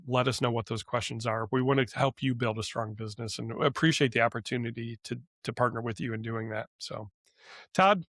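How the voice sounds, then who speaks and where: A man's voice: medium pitch, fairly bright tone, dry recording, clean studio sound. A middle-aged man co-hosting a business podcast, chatty and rambling, laughing often between asides. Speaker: podcast co-host. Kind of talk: casual podcast chat.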